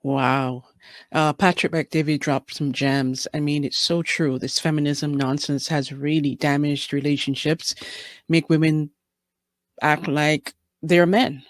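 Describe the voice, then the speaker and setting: A man hosting a reaction channel, commenting on a clip in a flat, scripted-sounding way. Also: on the high side, unhurried, dry recording.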